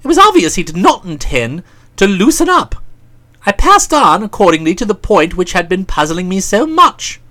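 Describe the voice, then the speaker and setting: A woman's voice: mid-range voice, very animated, moderate pace, sharp tone. Woman narrating a comic novel. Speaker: audiobook narrator.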